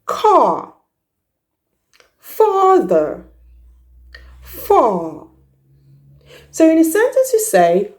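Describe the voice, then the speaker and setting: Woman teaching how to say sounds, super slow, voice goes way up and down, spells everything out clearly. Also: a little high, wildly swooping pitch, a little mellow. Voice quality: carefully enunciated, drawn-out demonstrations. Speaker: pronunciation teacher. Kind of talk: slow, deliberate pronunciation lesson.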